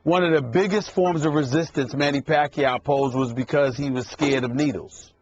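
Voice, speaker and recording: A man's voice: fairly high pitch, steady tone, moderate pace, a little mellow, dull audio, slight background noise. A man in a heated sports debate, hammering his point by repeating it and cutting in. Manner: emphatic, repeats himself for emphasis, cuts in.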